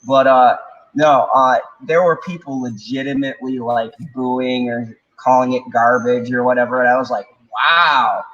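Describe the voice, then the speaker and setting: A man's voice: mid-range voice, fairly even intonation, measured pace, fairly bright tone. A man hosting a livestream in a casual ranting chat, blunt and rambling, swearing and laughing often. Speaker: livestream host. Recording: dull lo-fi mic.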